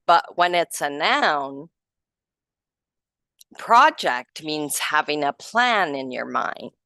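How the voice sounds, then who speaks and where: Woman, reader in an online group; slow, lively pitch, chatty, laughs easily. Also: dry recording. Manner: laughs often, chatty and self-correcting. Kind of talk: casual reading and group discussion.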